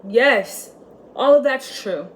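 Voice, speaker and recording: A young woman vlogger telling a candid personal story in casual chat, full of "like" fillers and swinging between loud and soft. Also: on the high side, animated, slow, slight background noise. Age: young adult.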